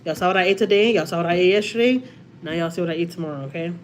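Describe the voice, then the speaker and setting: A chatty woman with a Texan accent talks to her viewers on a home livestream and answers their comments. Her voice sits a little low for a woman. A faint hiss runs under the recording. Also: rapid-fire. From Houston, Texas. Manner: chatty, reads out viewer comments, says y'all often. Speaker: livestream host. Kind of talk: casual live-stream chat.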